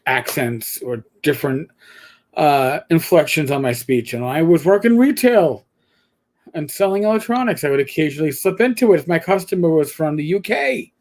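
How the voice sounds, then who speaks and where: Rambling older New man. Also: fairly high pitch. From New York. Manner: rambling, animated storytelling with restarts. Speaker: co-host. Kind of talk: casual chat.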